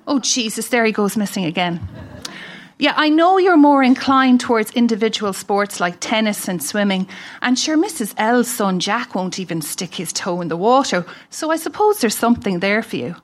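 A woman from Ireland with an Irish accent, reading a humorous letter aloud on stage with wry, dry humour. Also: fairly high pitch. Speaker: festival reader. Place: live event stage.

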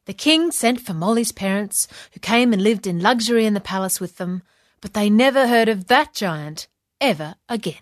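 A woman reading a children's fairy tale aloud in slow, expressive storybook narration. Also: mid-range voice, dry recording, studio quality.

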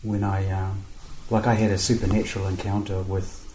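A man telling a faith story in casual conversation, halting and repeating words, with "bro" and "eh". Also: low-pitched, flat delivery, warm tone, echoey room, a little hiss or hum, rough recording. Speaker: guest sharing testimony.

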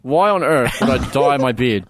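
A man co-hosting a podcast in relaxed, self-mocking casual chat. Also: mid-range voice, normal speed, no room sound. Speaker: podcast co-host.

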